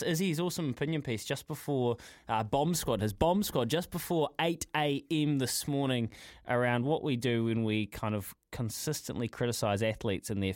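A man with a New Zealand accent co-hosting sports radio, reading links and ads in a brisk, upbeat announcer style. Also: medium pitch, dry recording, studio quality. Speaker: radio sports show co-host. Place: radio studio.

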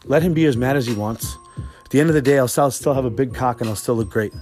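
A young man hosting his own podcast, rambling through a profane and animated monologue at an ordinary, mid-range pitch. He swears freely and stacks up tangents. Faint music plays underneath. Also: fast. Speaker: podcast host. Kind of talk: casual monologue.

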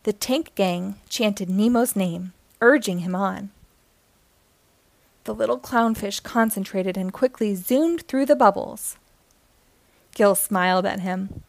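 A woman's voice: mid-range voice, takes it slowly, vocal fry, no room sound. Dry, close woman reading a children's storybook. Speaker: children's book reader. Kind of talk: reading a picture book aloud.

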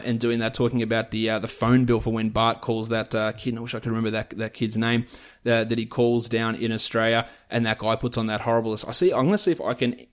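Chatty man rattling off sports stats. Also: mid-range voice. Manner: rattles off player stats and prices in a chatty, opinionated way. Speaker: fantasy basketball podcast host. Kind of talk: casual podcast analysis.

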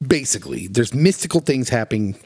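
A man's voice: medium pitch, sing-song, fairly quick, a little mellow, slightly rough, dry recording. A man co-hosting a podcast, earnestly retelling a story in casual chat with plenty of feeling. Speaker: podcast co-host.

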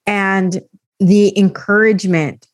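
A woman's voice: medium pitch, steady tone, takes it slowly, no room sound. A woman podcast host in casual chat, speaking in an emphatic, affirming way.

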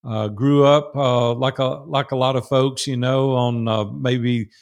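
A man's voice: mid-range voice, measured pace, clear, resonant tone. Folksy Southern man in his sixties. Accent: Southern US drawl. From Southern United States. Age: 60s. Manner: folksy, animated storyteller. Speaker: guest. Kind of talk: storytelling interview.

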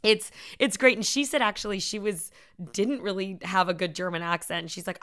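A young woman co-hosting a casual film chat, animated and laughing often as she acts out favorite lines in big loud voices. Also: medium pitch, moderate pace. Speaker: podcast co-host.

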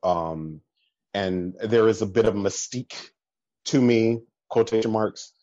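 Guy guesting on a podcast, kinda low voice, muffled lo-fi sound, tells stories all animated and does the voices. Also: measured pace, dry recording. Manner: animated storytelling with laughs and quoted voices. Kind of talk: casual conversation.

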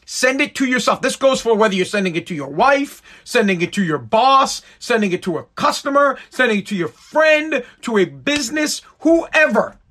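A man with a radio background, talking in an animated, emphatic rant and swearing freely. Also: extremely high pitch, moderate pace, few pauses. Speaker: radio personality. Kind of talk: casual profane rant.

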